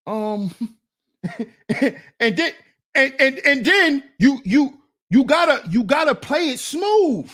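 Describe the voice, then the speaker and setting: Animated laughing man talking to the fellas. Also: extremely high pitch, slow, long pauses. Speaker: online commentator reacting to clips. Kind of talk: casual reaction commentary.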